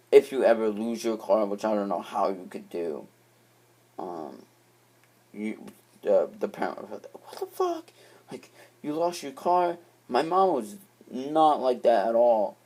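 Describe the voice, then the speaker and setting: A man's voice: lowish voice, unhurried, long pauses, darkish tone. A young man telling a long story in a casual, rambling way, restarting phrases and swearing freely. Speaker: vlogger.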